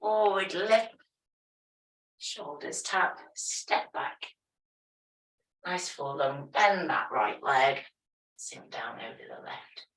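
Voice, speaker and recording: A woman teaching a yoga class, giving calm, step-by-step movement and breathing cues. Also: low-pitched, takes it slowly, long pauses, whispered. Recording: echoey room, voice from a distance.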